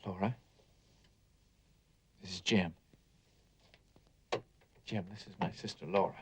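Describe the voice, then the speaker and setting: Restless young man, 1950s film, low voice, dreamy, bitter. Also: steady tone, takes it slowly, darkish tone, slightly rough, exaggerated voice. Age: young adult. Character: restless young man yearning to leave home. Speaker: restless son.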